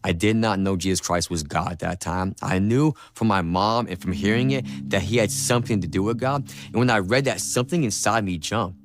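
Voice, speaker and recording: A man's voice: on the low side, fairly quick, few pauses, soft background music. A man telling his personal faith testimony in an earnest, emotional, repetitive way. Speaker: testimony speaker.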